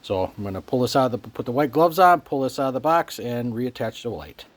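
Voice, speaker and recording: A man casually talking through a motorcycle headlight swap, relaxed and plain-spoken, thinking aloud as he works with his hands. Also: medium pitch, brisk. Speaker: motorcycle owner showing a repair. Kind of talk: casual how-to narration.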